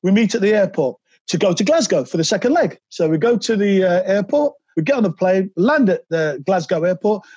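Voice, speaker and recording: A man, a podcast guest telling animated anecdotes and slipping into quoted voices. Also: high-pitched, brisk, hardly any pauses, husky, dry recording, dull audio. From England. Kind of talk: anecdotal interview storytelling.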